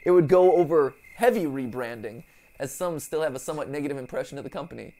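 A woman hosting a let's play, jokey and excitable, laughing often and slipping into silly voices, over light background noise. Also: low-pitched, fast. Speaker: host.

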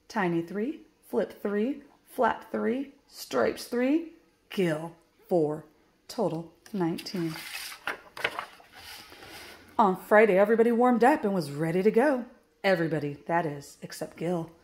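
A woman teacher reading a children's picture book aloud at a slow, careful pace. She stops to explain each subtraction step clearly. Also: fairly low pitch, animated, a little mellow. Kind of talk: children's book read-aloud with math lesson.

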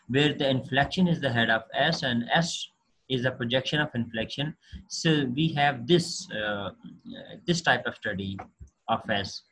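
A man giving a recorded linguistics lecture, talking haltingly with many fillers and restarts. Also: mid-range voice, fairly bright tone, rough recording.

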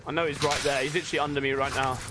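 A young man streaming a game live, bantering with his chat in an excitable, swearing way into a desk microphone. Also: medium pitch, very fast. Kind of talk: live gameplay commentary. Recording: noisy stream audio with clicks.

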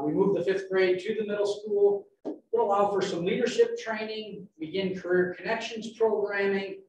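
A man, a school administrator, methodically walks a board through an update at a public meeting, picked up from a distance in a large room. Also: high voice. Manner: steady, methodical, walks through points in order. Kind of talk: informational presentation at a public meeting. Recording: very echoey meeting room from far off, faint noise.

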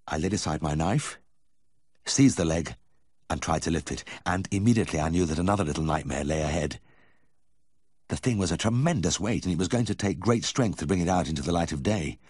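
A man reading a first-person memoir aloud as an audiobook narrator, in a measured, vivid storytelling manner. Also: a bass voice, darkish tone, slightly rough, no echo, clean studio sound.

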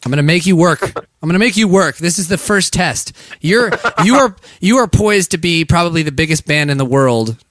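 American man, co-host, joking, teasing, lively pitch, dry studio sound. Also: brisk, dry recording. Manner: joking, teasing, laughs a lot. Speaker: podcast co-host. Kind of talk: casual comedic radio chat.

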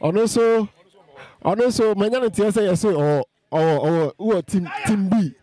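A man with a Ghanaian accent runs a casual street interview, throwing out lively, teasing questions. His voice sits a little high. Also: a little slow.

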